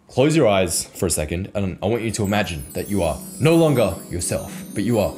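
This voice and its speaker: Brash, animated male explainer. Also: on the low side, brisk, soft background music. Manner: brash, joking storyteller with frequent swearing. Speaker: copywriting coach, video host. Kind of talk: casual explainer video.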